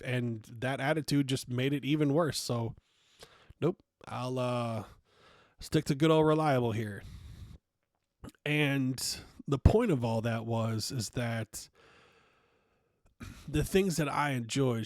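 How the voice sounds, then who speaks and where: A man's voice: medium pitch, takes it slowly, long pauses, no room sound, studio quality. A young man hosting a podcast, telling a personal story in a blunt, profane way and acting out the dialogue. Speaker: podcast host. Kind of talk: casual storytelling monologue.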